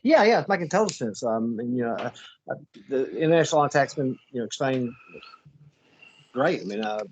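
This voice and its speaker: A man's voice: mid-range voice, lively intonation, brisk, muffled recording, slight background noise. A man with a Southern US accent co-hosting a casual history podcast, hesitant with many fillers. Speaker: podcast co-host.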